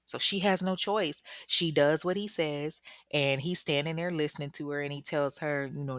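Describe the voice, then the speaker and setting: Low-voiced, profane woman storyteller. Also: normal speed, hardly any pauses, no echo, studio quality. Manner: profane, slangy, animated. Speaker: true crime podcast host. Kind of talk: casual true crime storytelling.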